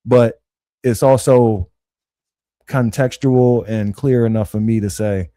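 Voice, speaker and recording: A man's voice: mid-range voice, steady tone, slow, warm tone, no echo. A man hosting a podcast, chatting casually in easygoing, slangy banter. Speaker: podcast host. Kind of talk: casual chat.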